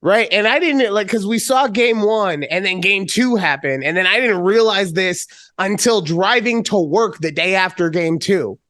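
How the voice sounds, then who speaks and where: A woman co-hosting a casual podcast chat, animated and swearing freely as she acts out her own reactions. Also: medium pitch, moderate pace, few pauses. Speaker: podcast co-host.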